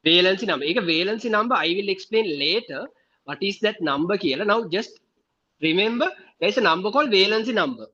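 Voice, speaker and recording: A man with a Sri Lankan English accent teaches a science class in a fairly high voice. He keeps quizzing his students and repeats key words, and the recording sounds dull and lo-fi. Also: expressive, quick pace, pushed and bright. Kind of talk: classroom lecture.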